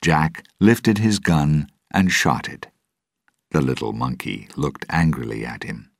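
Deep husky guy reading a storybook, slow and steady, dry sound. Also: no echo. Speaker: narrator.

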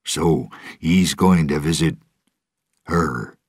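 A grave old sailor with fear in his words, as a male narrator plays him. The voice is very deep and husky, slow and dry. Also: dry recording, exaggerated voice. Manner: grave, sometimes hushed. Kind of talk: audiobook storytelling.

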